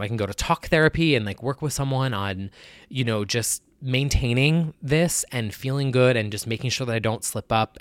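A man's voice: mid-range voice, a bit bright, clean tone, no room sound. A man talking candidly to his viewers in a personal vlog, with a nasal voice and an earnest, rambling way of talking that keeps correcting itself. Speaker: vlogger.

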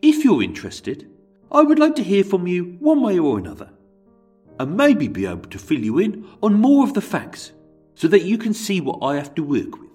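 A man's voice: sits high, wildly swooping pitch, normal speed, a little mellow, faint music behind, pitched above the performer's own voice. A man reading as a vain self-pitying killer in Brummie. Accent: Birmingham. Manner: mock-earnest letter reading.

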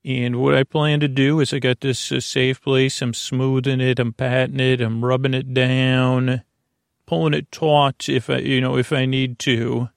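A middle-aged man hosting a sleep podcast, talking in a meandering, self-interrupting, soft and lulling way with a creaky voice. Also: medium pitch, little pitch movement, unhurried, dry recording, clean studio sound. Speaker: podcast host. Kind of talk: rambling sleep podcast monologue.

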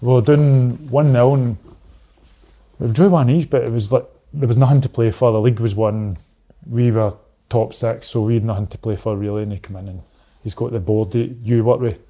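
A man with a Scottish accent, a former footballer, recalling matches in a slow, low-key casual chat. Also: steady tone, warm tone.

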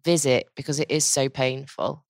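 An interviewer asking quick, encouraging questions in a casual chat. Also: mid-range voice, creaky, dry recording, studio quality.

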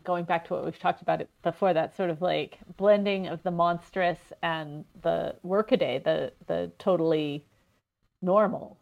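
Gravelly-voiced woman chatting on a podcast. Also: on the low side, muffled recording. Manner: chatty, animated storytelling with many fillers. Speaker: podcast co-host. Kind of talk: casual scholarly chat.

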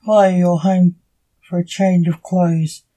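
A woman's voice: fairly low pitch, little pitch movement, slow. A woman reading as a grim male necromancer. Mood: stern. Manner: stern and dark.

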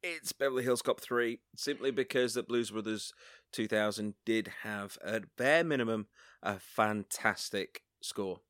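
A man co-hosting a podcast, chatting casually with measured, dry-humored replies. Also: fairly low pitch, a bit bright, clean tone. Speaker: podcast co-host. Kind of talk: casual chat.

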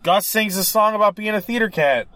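A man's voice: sits high, fairly quick, sharp tone. A man in casual chat recapping a movie, exasperated and profane.

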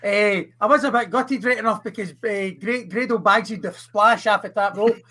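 A man's voice: sits high, normal speed, pushed and bright. A man with a Scottish accent, a podcast co-host joking casually and swearing freely. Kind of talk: casual chat.

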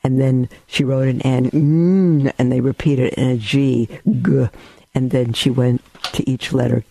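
A man's voice: mid-range voice, vocal fry, no echo. A man giving a rambling spiritual talk, telling stories with asides. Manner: storytelling, warm and rambling with asides. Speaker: religious teacher.

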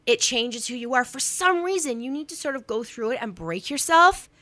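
A middle-aged woman in a casual chat, telling a story in an animated, self-mocking way and swearing freely. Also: sits high, moderate pace. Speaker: guest speaker.

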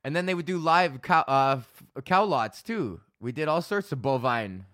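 A man's voice: fairly high pitch, expressive, moderate pace, a bit bright, no room sound, studio quality. A man from Alberta hosting his own podcast, telling a long story in a profane, laughing ramble and acting out both sides of the conversation. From Alberta, Canada. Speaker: podcast host and stand-up comic. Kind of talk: casual solo podcast rant.

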